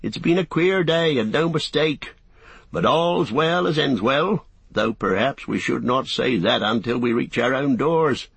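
A blunt, kindly hobbit farmer with a rustic country dialect, as a male narrator puts him on. The voice sits well above the narrator's own and comes out loud and hearty, in a dry, close audiobook reading. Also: medium pitch, expressive, measured pace, husky, dry recording, voice pushed up, full character voice. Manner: country dialect, plain-spoken. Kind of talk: audiobook character voice.

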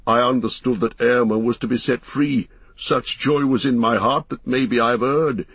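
A man's voice: mid-range voice, fairly even intonation, moderate pace, a bit bright, slightly rough, no echo. A man reading an audiobook voices a nervous guard anxiously explaining himself to his king. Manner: anxious, apologetic. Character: nervous loyal male doorwarden, trembling.

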